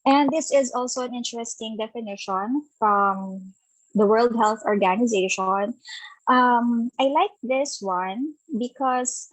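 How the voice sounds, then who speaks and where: A woman with a Filipino accent, her voice sitting a bit high, leads an interactive online webinar. She reads participants' answers aloud and affirms each with a quick "okay" or "ayan". The sound is close and dry, with no room echo. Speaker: webinar speaker on self-care.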